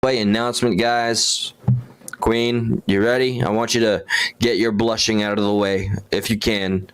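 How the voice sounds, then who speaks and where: A man hosting a casual livestream, rambling and gushing with halting restarts as he talks to his viewers. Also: fairly low pitch, flat delivery, smooth. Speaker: livestream host.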